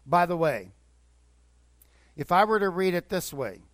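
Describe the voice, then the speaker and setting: Older male pastor, high-pitched, dry close recording; conversational sermon that builds to fervent exhortation. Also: very animated, a little slow, a bit bright, dry recording. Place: church.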